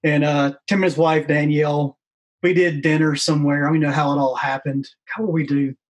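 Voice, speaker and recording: A man with a fairly high speaking voice, talking easily as a podcast guest. He plays himself down and his stories come out in a relaxed, self-mocking way. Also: brisk. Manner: laid-back, self-deprecating. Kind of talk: casual interview chat.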